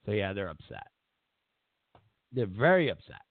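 A man hosts a political talk show, mocking his opponents in a casual, sarcastic way and repeating his own lines. His voice is gravelly and his delivery is slow and unhurried. His pitch swings widely, and the sound is thin and phone-like. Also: sing-song, no room sound. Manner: sarcastic, mocking, repeats phrases, chuckles often. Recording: tinny phone-like audio.

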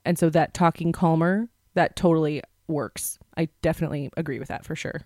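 A woman's voice: sits low, brisk, no room sound, studio quality. Woman chatting casually on a podcast. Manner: agreeable, chatty, animated asides. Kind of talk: casual chat.

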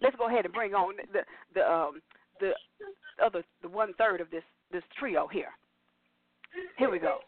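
A woman hosting a casual radio sports chat, animated and laughing, often repeating words as she hypes the show. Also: medium pitch, moderate pace, long pauses, dry recording. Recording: tinny phone-line sound with faint music.

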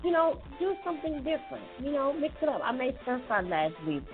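A woman's voice: high-pitched, big pitch swings, a little fast. A woman hosting a casual tips show, chatting loosely with many fillers and restarts. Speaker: host giving health tips. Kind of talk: casual chat. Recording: tinny phone-like audio with faint music.

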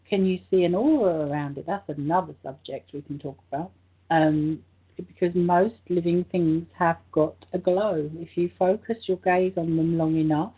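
A woman co-hosting a spiritual talk show, her voice croaky, gently guiding listeners through a meditation. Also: lowish voice. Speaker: co-host. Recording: tinny phone-like line.

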